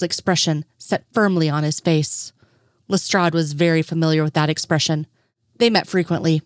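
A woman reading a fan story aloud as scripted narration, voicing every character herself with only small pitch lifts. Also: steady tone, moderate pace, no echo, clean studio sound. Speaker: fanfiction reader.

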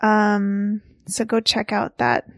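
A woman's voice: mid-range voice, little pitch movement, takes it slowly, no echo, studio quality. A woman co-hosting a casual movie podcast, teasing and playful as she talks. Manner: teasing, playful, laughs often. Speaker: podcast co-host.

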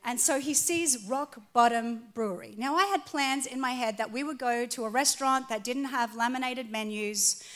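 A woman in her forties preaching a sermon to a live audience, telling a funny story about her marriage. She is animated and pokes fun at herself, swinging from soft to loud. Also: a little high, moderate pace, hardly any pauses. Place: stage before a live audience.

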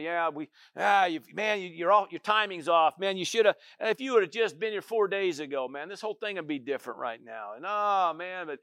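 A man's voice: high voice, clean tone, no room sound, clean studio sound. A male pastor preaching a conversational sermon, repeating and restarting phrases as he builds up. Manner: conversational, repetitive, animated preaching.

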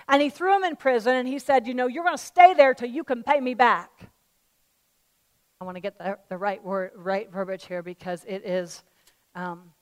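A woman pastor preaching a sermon, swinging between loud fervent declarations and quiet conversational asides, telling a parable in a chatty way. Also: fairly high pitch. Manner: tells a parable in a chatty storytelling way.

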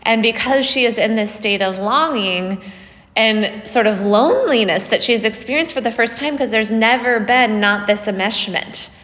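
A woman's voice: a little high, moderate pace, fairly bright tone, big-room sound, highs cut off. A woman casually retelling a myth to a group she is teaching, with a chatty manner and frequent "right?" checks. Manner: conversational, often asks "right?" with fillers.

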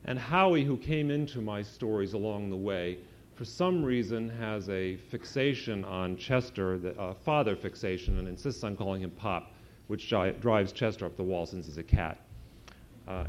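A man, an author, reading a rhyming children's story aloud to an audience in a sing-song, lively way. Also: fairly low pitch, moderate pace, a little hiss or hum. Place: event hall with an audience. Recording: dull lo-fi live recording.

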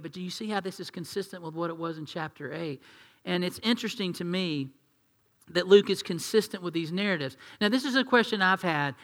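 A male pastor delivers a sermon with a high, bright and forceful voice. He talks to the congregation in a chatty way, throwing questions at them. The sound carries a long reverb from a large church hall. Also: fairly quick. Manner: conversational, asks the congregation questions, acts out quotes.

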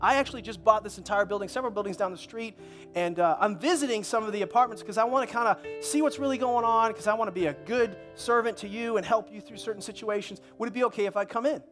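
A man's voice: high voice, fast, fairly bright tone, faint music behind. A man playing a courteous new landlord. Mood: reassuring. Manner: polite, apologetic and reassuring. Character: kind, well-dressed new male landlord.

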